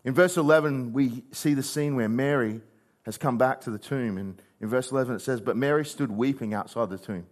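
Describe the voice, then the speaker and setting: A man preaching a sermon, reading scripture and acting out the figures' words, moving between loud and hushed. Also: on the high side. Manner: expressive, acts out quoted voices, shifts from loud to hushed.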